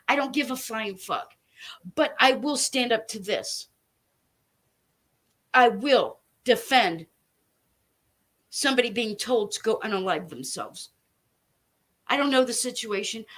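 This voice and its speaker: Speaking directly to her viewers, this female online commentator delivers a furious, foul-mouthed rant full of threats and heavy emphasis. Her voice is a little high and lively in intonation, and she takes her time, leaving long pauses, with a fairly bright tone.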